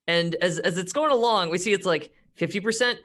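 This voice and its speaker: A man's voice: sits high, brisk, fairly bright tone. A man narrating as game master of a tabletop game, rambling with many fillers and frequent laughs.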